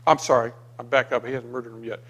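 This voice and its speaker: A man preaching a sermon, dramatic, going from loud emphasis to hushed near-whispers and reading scripture aloud with acted voices. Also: mid-range voice, flat delivery, fast talker, highs cut off. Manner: reads scripture aloud and acts out the quoted voices.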